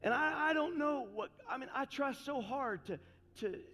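A man preaching a sermon as pastor, talking fast and frankly, then building into impassioned, fiery calls to his congregation. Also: extremely high pitch, expressive, fairly bright tone. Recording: long reverb with faint music.

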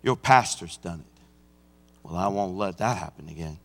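A senior pastor preaching a sermon, swinging from hushed, intimate passages to shouted climaxes, sometimes singing and acting out scenes. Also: male voice, low-pitched, animated, moderate pace, in a large hall. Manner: breaks into song and acts out scenes. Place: church sanctuary.

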